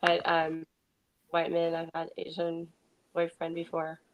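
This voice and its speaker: A woman's voice: fairly low pitch, completely flat delivery, measured pace, dull audio. A woman calling in as a guest on a livestream talk show, talking hesitantly with lots of "like" and restarts. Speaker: call-in guest. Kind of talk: casual chat.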